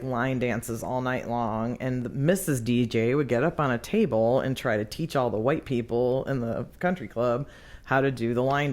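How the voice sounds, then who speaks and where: A woman, a lead singer, telling lively stories in casual podcast chat, often laughing and acting out what others said. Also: a bass voice. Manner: animated, laughs often, acts out quotes. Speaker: singer guest.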